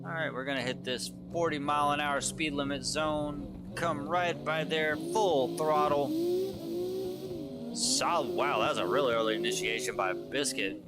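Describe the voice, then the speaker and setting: Over loud music, a man with a higher-pitched voice gives live play-by-play of a drift event from the booth at a normal speed. He gets excited, swears casually, and his voice jumps whenever something big happens.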